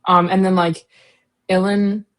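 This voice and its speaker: A woman's voice: medium pitch, flat delivery, a little slow. A woman co-hosting a casual book discussion podcast, recapping chapters in a rambling, slangy way full of fillers and giggles. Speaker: co-host, daughter.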